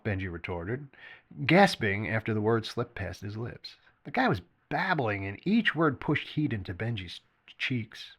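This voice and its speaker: A man reads his own fiction aloud as a storyteller. His delivery is expressive and animated, with pitch that rises and falls freely. Now and then he slips and restarts a phrase. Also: unhurried, husky. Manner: lively, expressive reading with occasional slips and restarts. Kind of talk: story narration read aloud.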